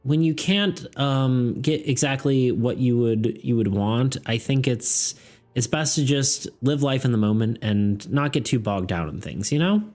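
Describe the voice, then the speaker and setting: A man's voice: medium pitch, measured pace, darkish tone, lightly acted. A man voicing a kindly, motherly woman cleric healer who speaks in a soothing, hesitant way. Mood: gentle. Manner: soothing, hesitant, calls people sweetheart.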